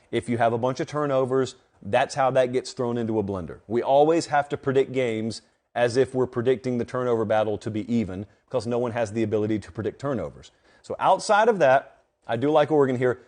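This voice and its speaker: A man talks through upset picks on his live college football show. He leans hard on numbers and repeats them for effect, and his voice swings up sharply when something excites him. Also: mid-range voice. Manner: animated, emphatic, repeats stats for effect. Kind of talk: live show sports analysis.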